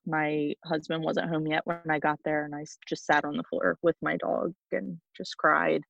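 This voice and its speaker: Flat, gravelly young woman recounting a loss. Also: deep voice, no room sound. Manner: halting, with frequent restarts. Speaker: podcast guest. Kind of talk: personal storytelling. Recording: dull lo-fi dry sound.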